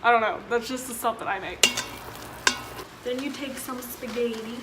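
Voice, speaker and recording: A slightly high female voice at normal speed comes through a very noisy recording. The speaker, a young woman in college, is making a casual cooking vlog, chatting away, mocking herself, and often exasperated by her mistakes, in an echoey space where dishes clatter.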